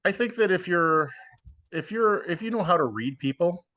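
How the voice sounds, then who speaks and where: A man's voice: high-pitched, expressive, normal speed, a bit bright, muffled recording. A man giving blunt, plainspoken advice as a guest in a casual podcast interview. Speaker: podcast guest, former cooking show contestant.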